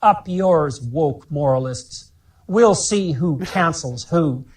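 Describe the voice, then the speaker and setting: A man's voice: a little high, animated, slow pace. A man putting on the voice of a defiant troll sneering at critics.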